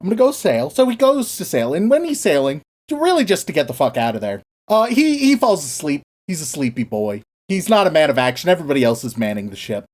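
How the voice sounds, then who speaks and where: A man co-hosting a podcast, casually retelling a story with lots of swearing and quick acted-out asides. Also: a little high, very animated. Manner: profane, playful, acts out characters in quick asides. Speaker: podcast co-host.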